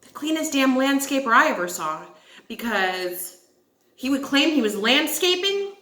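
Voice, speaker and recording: A woman's voice: sits high, sing-song, measured pace, pushed and bright. A young woman hosting a casual storytime vlog, talking animatedly, swearing and calling her viewers guys. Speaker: channel host telling a story. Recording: echoey room.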